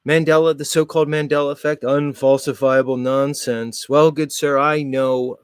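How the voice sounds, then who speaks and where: A man's voice: on the high side, flat delivery, moderate pace, smooth, no room sound, clean studio sound. Sarcastic, mock-formal man host. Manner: mock-formal and sarcastic, swings between loud and muttered. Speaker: show host. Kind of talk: sarcastic monologue reacting to a clip.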